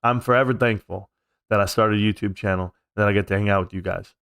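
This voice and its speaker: A man's voice: fairly low pitch, fairly even intonation, fast, vocal fry, a bit bright, clear, resonant tone, no echo, studio quality. A man hosting a casual live stream from home, talking in a rambling, heartfelt, reflective way. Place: at home, alone.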